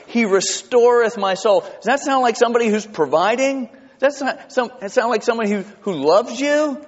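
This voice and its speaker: A man preaches a sermon, telling stories with an animated, rising and falling delivery. His voice sits a little high for a man. The sound is dull and lo-fi, with a long reverb from the hall. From South Georgia, US. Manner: animated, storytelling with rises and drops in pitch. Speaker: pastor.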